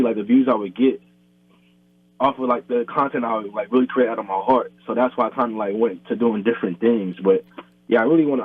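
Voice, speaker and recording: A young man and YouTuber, chatting loosely in an interview, filling his talk with "like" and "bro". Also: medium pitch. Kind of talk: casual interview chat. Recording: thin phone-line sound, husky and dry.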